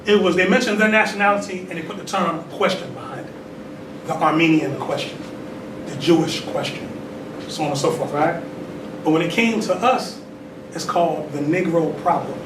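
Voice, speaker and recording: High-voiced man preaching in an echoey hall. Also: normal speed. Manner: conversational preaching, frequent "right?" tag questions. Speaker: temple leader giving a talk. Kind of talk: call-and-response religious lecture. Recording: echoey distant room recording with noise.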